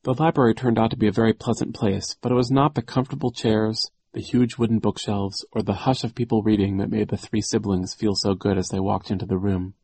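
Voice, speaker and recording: Low husky guy reading a story, wry and measured, dry close mic. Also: fairly even intonation, warm tone, dry recording. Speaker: audiobook narrator. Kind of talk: scripted narration.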